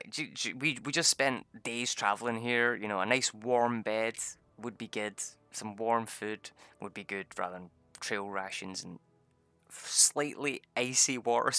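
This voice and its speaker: A young man tells a tabletop game story in a loose, chatty way, swearing freely and laughing often. His voice is bright and forceful and often leaps up high when he gets excited. It sounds dry and close, with no room echo. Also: creaky. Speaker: vlogger recapping a tabletop game session. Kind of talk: casual storytelling.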